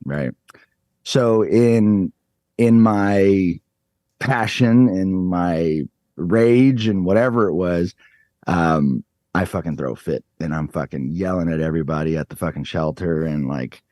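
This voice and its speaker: A man in his thirties telling a story on a podcast, animated and swearing freely. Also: low-pitched, measured pace, no room sound. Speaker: podcast guest. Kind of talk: casual storytelling.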